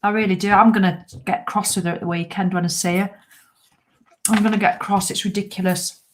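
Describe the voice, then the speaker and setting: Woman, middle-aged, fitness vlogger; chatty, blunt, animated telling, mid pitch. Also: a little fast. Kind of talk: casual chat to viewers.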